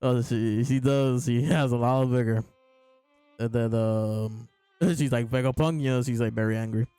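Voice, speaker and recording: A man's voice: mid-range voice, flat delivery, normal speed, warm tone, clean tone, dry recording, soft background music. A man casually chatting as a show host, amused and laughing often as he talks. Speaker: podcast host reviewing manga. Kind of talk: casual chat.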